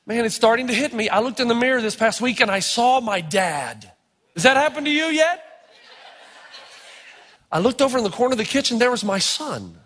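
A middle-aged man preaching a sermon, telling stories with animated, sometimes shouted emphasis. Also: very high voice, fairly quick. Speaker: pastor. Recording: long reverb of a large hall.

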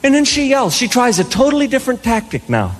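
An older woman doing stand-up, telling her story with animated, mock-indignant energy in a live stage recording with a loud audience. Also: on the high side, fast, very noisy. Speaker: stand-up comedian. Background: loud audience laughter.

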